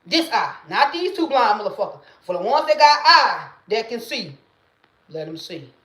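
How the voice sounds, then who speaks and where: Animated woman ranting on a livestream. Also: on the high side, normal speed, echoey room. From Mississippi, US. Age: late 30s. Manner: emphatic, profane, repeats catchphrases. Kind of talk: casual live-stream monologue.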